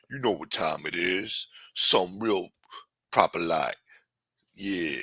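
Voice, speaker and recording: A man putting on a deep, drawling late-night announcer. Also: sharp tone, no echo, heavily acted. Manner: slow, drawling and deep, with slangy rhymes. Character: deep-voiced, laid-back late-night radio announcer, adult man.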